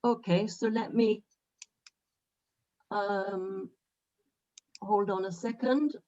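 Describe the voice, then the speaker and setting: A woman hosting an online meeting, talking haltingly with many fillers while she sorts out settings on a video call. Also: mid-range voice, fairly even intonation, warm tone, muffled recording. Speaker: event host.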